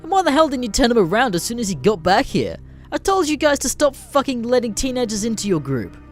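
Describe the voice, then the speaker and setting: A man voicing an angry, fed-up American reenactor who shouts and curses. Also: high-pitched, huge pitch swings, moderate pace, soft background music, pitched above the performer's own voice. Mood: annoyed. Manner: shouting, cursing.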